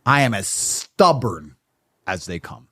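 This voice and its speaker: Blunt, animated man on a podcast. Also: fairly low pitch, takes it slowly. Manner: blunt, emphatic and stubborn in tone. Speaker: podcast guest. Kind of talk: casual podcast conversation.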